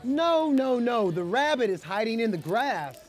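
A man's voice: very high voice, sing-song, a little slow. A man reading a picture book aloud to children at an outdoor event, playful and calling out questions to them. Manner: playful, calls out questions to the kids. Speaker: storybook reader for children. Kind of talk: lively read-aloud to a young crowd.

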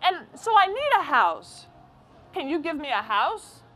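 A woman's voice: high-pitched, very animated, a little slow, fairly bright tone, faint music behind, exaggerated voice. A woman voicing a boy who grows into a tired old man in a storybook reading. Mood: wanting.

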